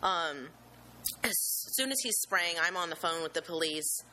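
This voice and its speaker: Nervous young woman with a bright, low voice. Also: lively intonation, slight background noise, low-quality recording. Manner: nervous and halting, with many "um"s and restarts; earnest and emotional, with religious gratitude. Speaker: eyewitness telling her story. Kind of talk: personal account, unscripted.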